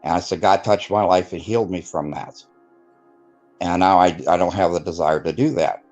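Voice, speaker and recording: A man with a fairly low voice tells a long personal story in a loose, rambling way, full of fillers and restarts. He slips into the voices of the people he quotes. The sound is dull and lo-fi, with faint music underneath. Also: steady tone, normal speed, darkish tone. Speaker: guest telling his testimony. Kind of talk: casual storytelling interview.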